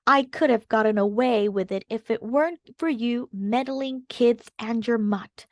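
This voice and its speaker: A woman's voice: a little high, a little slow, no room sound, close to an everyday voice. A woman voicing a snarling, caught adult man villain in a storybook read-aloud.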